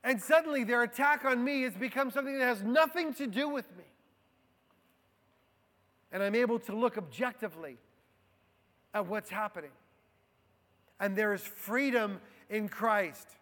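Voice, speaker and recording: Pastor, male, high voice, slow deliberate sermon delivery, long hall reverb. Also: expressive. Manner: slow and deliberate, dropping soft on key phrases. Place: church.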